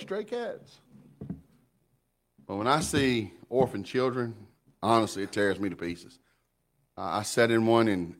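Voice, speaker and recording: Animated folksy preacher, middle-aged man. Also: on the low side. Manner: animated, folksy, repeats words when excited. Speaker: pastor. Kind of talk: sermon.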